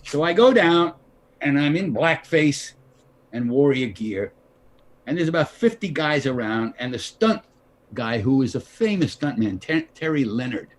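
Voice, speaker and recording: Older man spinning a lively anecdote. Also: mid-range voice, unhurried. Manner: animated, acts out quoted dialogue. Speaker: guest actor. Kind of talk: anecdotal storytelling.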